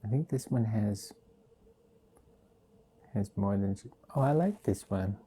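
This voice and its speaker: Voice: mid-range voice, animated, a little slow, dark tone, a little hiss or hum. A livestream host in casual chat, goofy and laughing often, hesitating with many fillers, on a phone mic.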